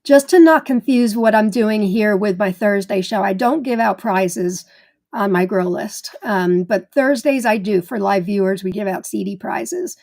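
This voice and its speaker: A middle-aged woman hosting a live gardening stream, greeting viewers one by one in a bubbly, chatty way, excited like a cheerleader. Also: medium pitch, a little slow, gravelly. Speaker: host of a live gardening show.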